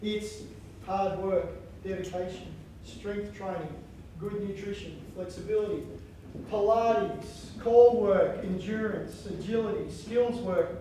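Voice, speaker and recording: A man giving a lively conference keynote on coaching, chanting lines and acting out inner voices. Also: high-pitched, slow pace, a little hiss or hum. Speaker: keynote speaker. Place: large conference hall. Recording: echoey hall from far off.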